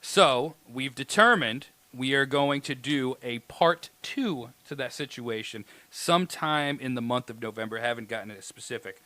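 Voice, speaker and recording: A man's voice: medium pitch, normal speed, few pauses, pushed and bright, no echo. A man co-hosting a casual podcast, playful and laughing at his own jokes. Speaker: podcast co-host.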